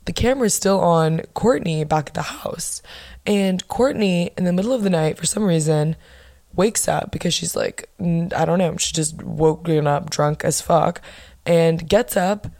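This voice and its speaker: A young woman hosting her own podcast, chatting casually and bluntly with lots of swearing and animated bursts of emphasis. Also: lowish voice, measured pace, gravelly. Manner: blunt, profane, gossipy. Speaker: podcast host. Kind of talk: casual solo podcast chat.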